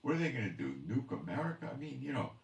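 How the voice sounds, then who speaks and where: A man's voice: mid-range voice, big pitch swings, fast, gravelly, roomy sound, distant mic. A man hosting a commentary channel, ranting emphatically with scorn and rhetorical questions. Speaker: host of a prophecy commentary channel.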